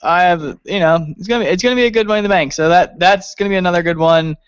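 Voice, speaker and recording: A man's voice: high-pitched, very fast, smooth, no room sound, highs cut off. A man co-hosting a casual wrestling review podcast, rambling and laughing as he talks. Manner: rambling, laughing often, lots of fillers. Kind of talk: casual chat.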